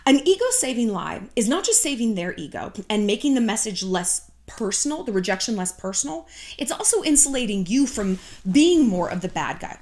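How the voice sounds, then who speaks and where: A woman's voice: on the high side, sing-song, brisk, a little mellow. A woman in her thirties giving blunt, sarcastic dating advice to camera, swearing freely and slipping into mock voices. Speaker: YouTube dating advice host. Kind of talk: casual advice monologue to camera.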